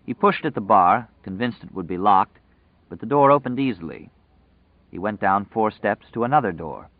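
A man reading a story aloud in a measured, dramatic way, heard through a tinny, dry recording. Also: fairly low pitch, animated, no echo. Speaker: narrator. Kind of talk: audiobook narration. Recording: tinny, phone-like dry sound.

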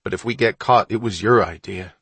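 A man voicing a cautious, bossy older brother who speaks in a gruff, scornful way. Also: on the low side, brisk, fairly bright tone, no echo, full character voice.

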